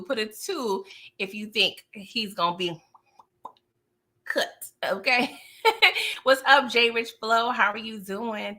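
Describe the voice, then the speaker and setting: A woman's voice: mid-range voice, pushed and bright. A woman hosting a casual livestream recap of a TV show, chatting in slangy, playful talk and laughing often.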